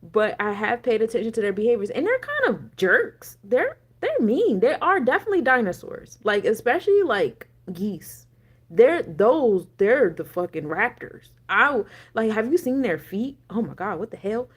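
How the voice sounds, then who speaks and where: A woman's voice: mid-range voice, sing-song, normal speed, slightly rough. A woman in her thirties, a spiritual coach, chatting casually on a livestream, rambling through tangents with profanity and laughing asides while answering chat. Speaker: energy coach and spiritual reader.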